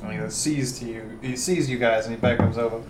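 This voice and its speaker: A man narrating as game master of a tabletop game, halting with many fillers. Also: medium pitch, steady tone, roomy sound, distant mic, background noise.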